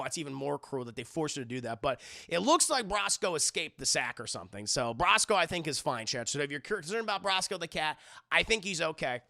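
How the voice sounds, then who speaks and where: A young man recaps an episode for his live chat, excitable and profane. His voice sits on the higher side, with a bright, gravelly edge. The sound is close and dry. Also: no room sound. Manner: excitable, profane, talks to chat, acts out characters. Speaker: streamer reviewing an animated show. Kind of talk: casual livestream recap commentary.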